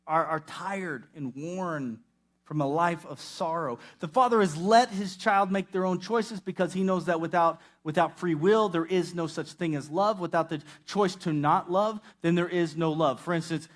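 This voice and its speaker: A young adult man preaching a sermon, animated and acting out the voices he quotes. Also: high voice. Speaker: pastor.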